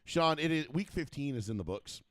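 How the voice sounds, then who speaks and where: A man hosting a casual sports talk show, rambling and profane, with fast banter. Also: fairly high pitch, lively intonation, a bit bright. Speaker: host.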